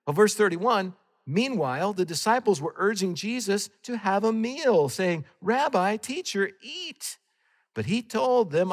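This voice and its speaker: A man with a Canadian accent preaching a sermon as guest speaker, telling a story with lively swings between loud and hushed. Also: sits high, long reverb tail.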